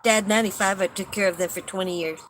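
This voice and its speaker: Older woman live-streaming, rambly and chatty, bright tone, frequent coughs, faint hiss behind. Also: medium pitch, fairly even intonation, quick pace, low-quality recording. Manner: rambling, chatty, laughs at own stories. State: coughing often. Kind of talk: casual live-stream chat with viewers.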